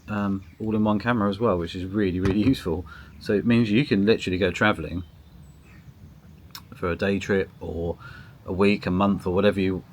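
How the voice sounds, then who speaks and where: A man's voice: low-pitched, slight background noise. A man chatting casually to camera outdoors in a garden, rambling with lots of ums and restarts, recorded on a small camera's built-in mic. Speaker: photography vlogger. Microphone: built-in mic of a small gimbal camera on a tripod.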